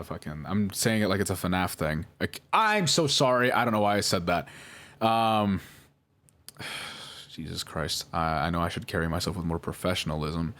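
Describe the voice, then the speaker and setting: A young man with a very low voice talks his way through a nervous, rambling monologue. He keeps circling back, stumbling over restarts and fillers, and apologizing again and again. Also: creaky, fairly bright tone. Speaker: video creator reading out chats.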